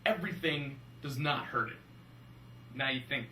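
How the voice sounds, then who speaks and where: A young man co-hosting a casual movie-review chat, animated and jokey. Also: on the high side, unhurried, pauses often, slight background noise. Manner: animated, jokey, slips into silly voices. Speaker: film review podcast co-host. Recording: roomy room from a distance.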